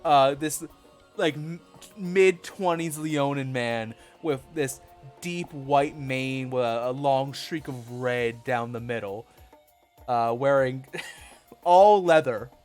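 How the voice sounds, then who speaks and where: A man narrating a tabletop game as game master in a casual, halting way. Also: medium pitch, darkish tone, soft background music.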